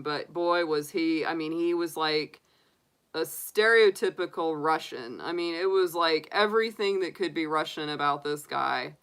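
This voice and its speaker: Woman, tarot reader, casual chat, rambling storyteller, laughs often, bright tone, slightly low pitch. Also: a little slow, clear, resonant tone.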